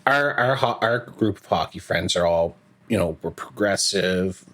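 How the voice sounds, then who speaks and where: A male podcast host with a very low voice talks earnestly to his guest. He sounds sincere and appreciative as he reflects on what the guest shared. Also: unhurried, fairly bright tone. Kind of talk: casual podcast interview.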